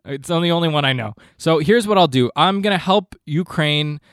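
Deadpan, mock-earnest male comedy podcast host. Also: a little high, brisk, no echo, clean studio sound. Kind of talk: comedic monologue.

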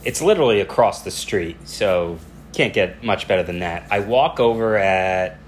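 A man with a notably low voice co-hosts a podcast in easygoing chat. He tells stories at a relaxed pace and slips into quick bits of back-and-forth dialogue. A faint hiss sits under the recording. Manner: relaxed storytelling, acting out dialogue. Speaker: podcast co-host. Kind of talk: casual chat.

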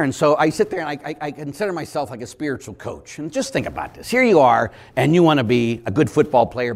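Here a Catholic priest preaches with energy, an animated storyteller who breaks into sudden loud outbursts and laughs. He speaks in a medium-pitched male voice.

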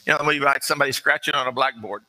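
A man's voice: medium pitch, very fast, sharp tone, a little hiss or hum, low-quality recording. A man preaching an earnest, conversational sermon with folksy asides.

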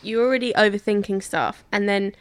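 A woman's voice: mid-range voice, a little fast, a little hiss or hum. A young woman from England chatting on a podcast, rambling through her thoughts. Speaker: podcast co-host. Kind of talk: casual chat.

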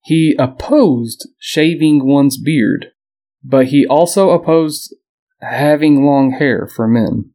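A man's voice: medium pitch, slow. A man co-hosting a podcast, casually retelling history with fillers and small laughs. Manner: relaxed storytelling with frequent fillers and laughs. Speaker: podcast co-host.

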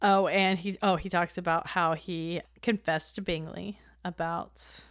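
A woman's voice: fairly low pitch, fairly even intonation, measured pace, no echo, clean studio sound. A woman co-hosting a book podcast in casual chat, gushing and laughing often.

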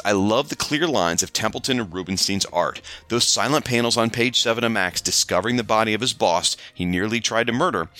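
A man's voice: fairly low pitch, pushed and bright. A man hosting a podcast, reading listener mail with playful, self-mocking asides. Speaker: podcast host.

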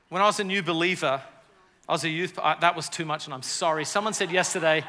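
A man preaching a sermon to a live audience, lively and storytelling, with jokes. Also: fairly high pitch, brisk, noisy background. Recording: reverberant church hall.

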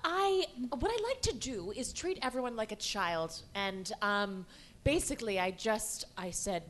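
A woman's voice: mid-range voice, lively intonation, a little slow, fairly bright tone. A woman playing a tabletop game, telling her part in a chatty, playful way. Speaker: player. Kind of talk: improvised tabletop role-play.

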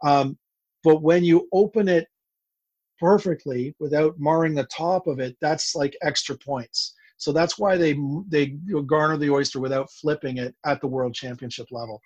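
A man's voice: a little high, normal speed, darkish tone, no echo. Chatty man explaining oysters. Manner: enthusiastic, explanatory, restarts often. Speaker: oyster expert guest. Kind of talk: casual interview talk.

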